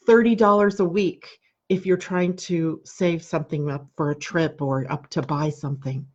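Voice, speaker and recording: A woman's voice: lowish voice, normal speed, darkish tone, lo-fi sound. A woman from the United States hosting a live daily astrology broadcast, chatty and conversational, often asking rhetorical questions. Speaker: astrologer and show host.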